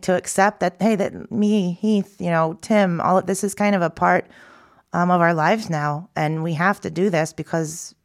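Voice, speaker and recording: A woman's voice: lowish voice, clear, resonant tone. A woman hosting a podcast interview who talks in a reflective, rambling way with many fillers. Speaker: podcast host. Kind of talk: conversational interview.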